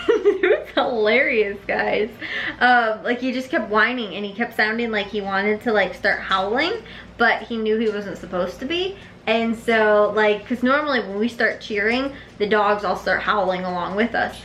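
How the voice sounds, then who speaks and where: A young woman vlogs casually to a handheld camera at home, laughing a lot and sprinkling her talk with "like" and "um." Her voice is medium-pitched and a little bright, at a normal pace, with slight hiss or hum in the indoor recording.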